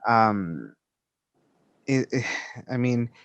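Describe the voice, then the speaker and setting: Man, host, mid pitch, gentle, hesitant, repeats words. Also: lively intonation, drawn-out words, smooth, lo-fi sound. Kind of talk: interview questions.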